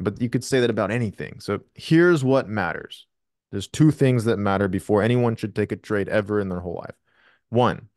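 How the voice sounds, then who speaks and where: A man's voice: fairly low pitch, darkish tone, no room sound, studio quality. A man hosting a live trading question session over a video call, blunt and profane with emphatic explanations. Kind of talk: live Q&A coaching.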